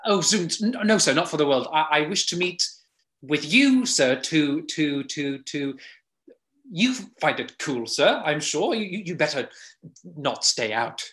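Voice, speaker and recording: A man's voice: fairly high pitch, big pitch swings, a little slow, fairly bright tone. A man reading a part aloud in a live play reading, flustered and stammering. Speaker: volunteer reader playing Jack.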